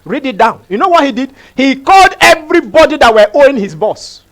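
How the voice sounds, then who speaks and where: A man's voice: very high voice, big pitch swings, a little fast, fairly bright tone. A man preaches a sermon. He talks emphatically, repeats his phrases and keeps putting rhetorical questions to the congregation. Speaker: pastor.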